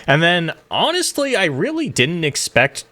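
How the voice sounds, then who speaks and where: Casting note: male esports caster, bright voice, casual and chatty, laughs easily. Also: a little high, wildly swooping pitch, unhurried, dry recording. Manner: chatty, laughs often, self-deprecating. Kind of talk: live esports commentary.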